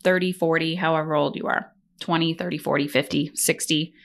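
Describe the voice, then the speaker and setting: A woman's voice: deep voice, fairly even intonation, fairly quick, vocal fry. Middle-aged woman coach on her podcast, blunt, swears a lot, keeps repeating the point. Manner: blunt, swears freely, emphatic repetition. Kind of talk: motivational solo podcast talk.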